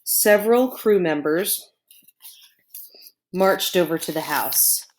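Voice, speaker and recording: A woman's voice: fairly low pitch, expressive, slow, a little hiss or hum. A woman reading a chapter book aloud to children, adding chatty asides to her young listeners. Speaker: storyteller. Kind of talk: children's storybook read-aloud.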